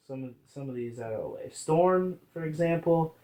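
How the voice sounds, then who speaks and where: A man's voice: a little high, moderate pace. Casual chatty man, roomy sound. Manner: relaxed, hesitant, drops into filler often. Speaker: podcast co-host. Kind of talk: casual chat.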